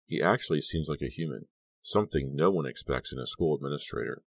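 A male audiobook narrator with an extremely deep voice tells the story in a steady, even manner. The recording is dry and close, with no room sound. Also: fast talker, creaky, husky, no room sound. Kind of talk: scripted narration.

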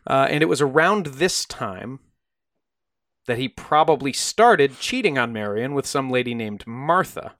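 A man's voice: medium pitch, expressive, measured pace, fairly bright tone, dry recording, studio quality. A man co-hosting a podcast, telling a true crime story in a casual, conversational way and briefly acting out the quoted voices.

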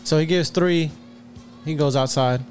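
A podcast co-host rambles through a story in casual chat, laughing a lot, using many fillers and restarting his sentences. His voice is fairly high, unhurried and a little mellow. Faint music plays behind him.

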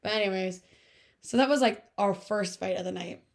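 Young woman co-host, casual chatty storyteller, filler-heavy, mid-pitched. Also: normal speed. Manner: chatty storytelling, many "like" fillers, laughs often. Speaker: podcast co-host. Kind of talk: casual chat.

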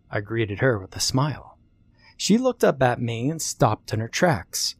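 Expressive man narrating a horror story. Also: medium pitch, measured pace, breathy edge. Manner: expressive, acts out the dialogue.

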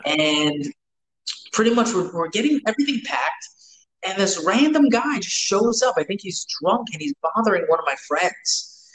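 A man's voice: high-pitched, big pitch swings, moderate pace, a bit bright, low-quality recording. A man, telling rambling, profane stories with lots of restarts in a casual chat. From New York.

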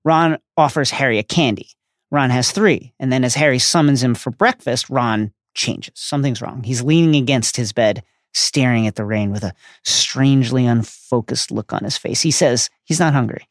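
A man's voice: medium pitch, moderate pace, no room sound, clean studio sound. A man co-hosting a podcast, retelling book chapters in a jokey, casual way with slang. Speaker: podcast co-host. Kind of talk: casual book recap chat.

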